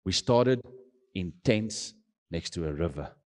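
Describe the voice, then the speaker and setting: A South African man telling his testimony as an emotional preached story, swinging between loud and soft. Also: sits low, lively intonation, unhurried, big-room sound. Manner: dramatic storytelling with big swings in loudness, mixing in Afrikaans phrases. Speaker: missionary sharing his testimony.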